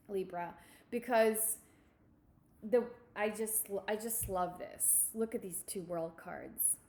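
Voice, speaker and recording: A woman giving a tarot reading, speaking in a halting, reassuring way and often repeating her words. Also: mid-range voice, darkish tone. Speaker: tarot reader.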